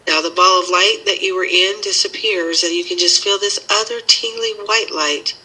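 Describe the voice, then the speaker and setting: A woman teaching a healing method and leading a slow, soothing guided meditation. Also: lowish voice, bright, forceful tone, slightly rough, rough recording. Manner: slow, soothing guiding instructions.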